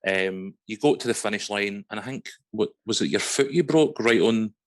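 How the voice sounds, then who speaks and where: A podcast host with a Scottish accent, chatting casually with a guest in a quick, informal way. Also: medium pitch. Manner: quick, informal, chips in with short agreements. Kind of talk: casual interview chat.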